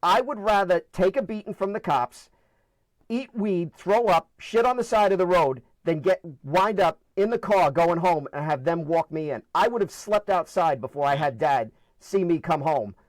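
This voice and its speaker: Fifties man from the Bronx, high lively comic storyteller, dry sound. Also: moderate pace, no room sound, rough recording. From the Bronx, New York. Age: 50s. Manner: animated, self-mocking. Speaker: podcast guest.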